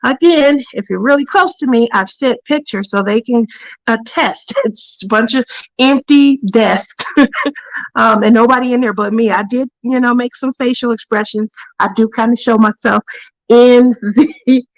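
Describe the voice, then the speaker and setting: A woman with a slightly high voice tells a story from her workplace on her craft livestream. She is chatty and laughs often, and she breaks off to greet viewers by name. The sound is close and dry. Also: unhurried, dry recording, low-quality recording. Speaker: craft channel host.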